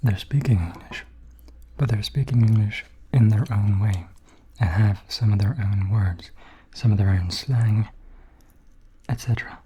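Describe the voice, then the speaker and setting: A man in a whispered role-play, softly rambling between bites of food into a close microphone. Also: fairly low pitch, a little slow, breathy edge. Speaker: ASMR creator.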